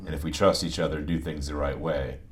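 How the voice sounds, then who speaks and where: A man from New England, a podcast guest, telling his story in a relaxed way with frequent restarts and a softened New England Italian American accent. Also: extremely low pitch, fast talker. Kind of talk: conversational interview.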